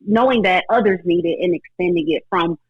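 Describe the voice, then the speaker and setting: A woman's voice: lowish voice, fairly quick, husky, dry recording. A woman guest on a faith-based talk show, speaking earnestly and reflectively, often voicing her own thoughts aloud. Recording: dull lo-fi audio.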